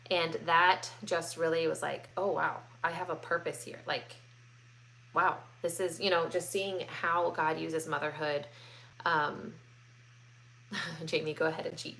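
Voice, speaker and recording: A woman's voice: sits low, steady tone, moderate pace, gravelly, sharp tone, slight background noise. Chatty woman hosting a live Q&A. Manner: chatty, many ums and likes, reads comments aloud. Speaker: host answering viewer questions. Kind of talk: casual live Q&A chat.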